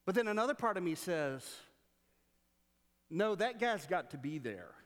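Animated preacher in a reverberant hall. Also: male voice, high voice, unhurried. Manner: animated storytelling with playful sarcasm. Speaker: pastor. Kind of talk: sermon.

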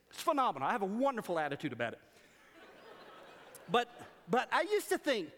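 Male pastor, animated sermon delivery with sarcastic asides, slightly high voice, long hall reverb. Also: normal speed. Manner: animated storytelling with playful sarcasm.

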